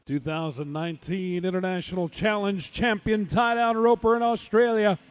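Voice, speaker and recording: Upbeat high-voiced rodeo announcer man. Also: steady tone, normal speed, clean tone. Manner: upbeat introductions of riders. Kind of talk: live rodeo commentary.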